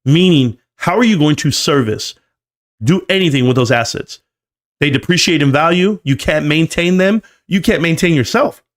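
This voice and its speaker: A man's voice: fairly high pitch, expressive, normal speed. A man giving live stream market commentary, emphatic and lecturing, often repeating key numbers. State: coughing, choked up.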